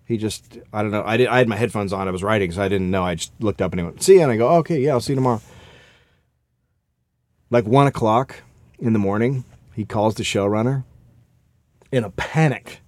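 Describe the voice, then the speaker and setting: A man's voice: fairly low pitch, a little fast, no room sound. A man telling a work story in casual chat, swearing freely and acting out the people in it. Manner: profane, animated anecdote-telling.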